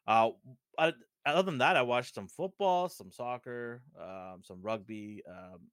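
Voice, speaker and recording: A man's voice: medium pitch, unhurried, clear, resonant tone, dry recording, studio quality. A middle-aged man from Fiji co-hosting a podcast, chatting casually and acting out the people in his stories. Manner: animated storyteller, acts out dialogue. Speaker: podcast co-host. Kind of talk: casual chat.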